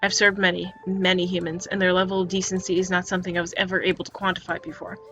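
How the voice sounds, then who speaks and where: A woman voicing a calm, polite male android caretaker in a quiet, measured, matter-of-fact way, read aloud from a story game. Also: on the low side. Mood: gentle. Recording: dull lo-fi recording with faint music.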